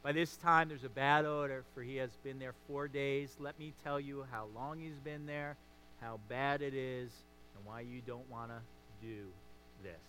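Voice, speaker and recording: A man's voice: mid-range voice, steady tone, moderate pace, sharp tone, a little hiss or hum, natural voice. A man voicing Martha, a practical, worried woman, in his own preaching voice as he retells her objection. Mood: anxious.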